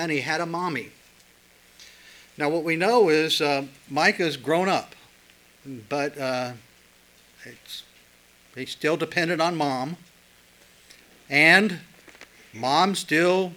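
A male preacher retelling a scripture story in a relaxed, conversational sermon full of fillers. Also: a little high, takes it slowly, long pauses, poor audio.

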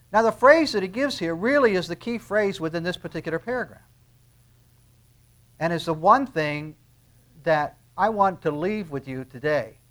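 A pastor with a slightly high voice preaches conversationally, acting out little dialogues. He swings between quiet asides and loud emphasis.

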